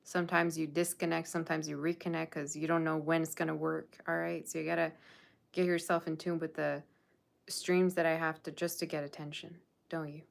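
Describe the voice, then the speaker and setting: Hosting a tarot stream, this young woman speaks fairly quickly in a low, flat voice with vocal fry. Her talk is casual, full of sassy teasing aimed at her chat.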